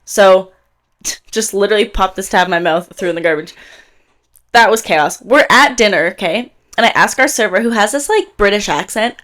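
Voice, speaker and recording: Animated young woman telling a story. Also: mid-range voice, moderate pace. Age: 20s. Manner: animated storytelling, acts out quotes. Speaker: podcast co-host. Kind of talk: casual chat.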